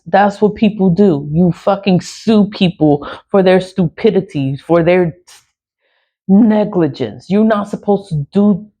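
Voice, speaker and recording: Woman vlogger, profane and repetitive, bitter laughs, warm low-fi sound. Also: highs cut off. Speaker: spiritual vlogger. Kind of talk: unscripted personal rant.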